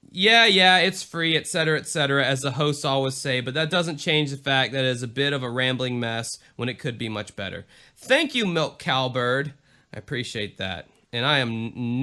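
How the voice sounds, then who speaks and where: A man's voice: medium pitch, bright, forceful tone. A young man co-hosting a podcast, reading reviews aloud in a loose, self-deprecating way and swearing freely. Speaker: podcast co-host.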